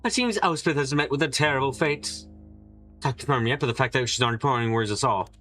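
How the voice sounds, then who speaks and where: A man playing a mystery game, reading the characters' lines aloud and giving several of them higher put-on voices. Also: quick pace, pushed and bright, faint music behind. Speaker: let's play streamer.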